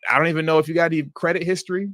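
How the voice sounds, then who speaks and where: A man's voice: a little high, racing, no room sound. Guy doing a political commentary livestream, fired up, slangy, dry close mic. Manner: animated, indignant, slips into slang. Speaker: livestream host.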